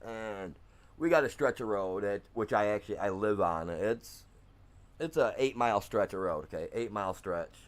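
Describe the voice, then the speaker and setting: A middle-aged man from Michigan, live-streaming a farming game and telling a long, animated story in casual, slangy chat. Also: fairly low pitch, moderate pace.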